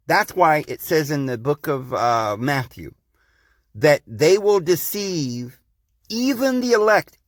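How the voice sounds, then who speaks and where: A man's voice: a little high, a bit bright, dry recording, studio quality. A man hosting a podcast, delivering a rambling, insistent monologue to his listeners and calling them guys and friends. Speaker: podcast host. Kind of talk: preachy monologue.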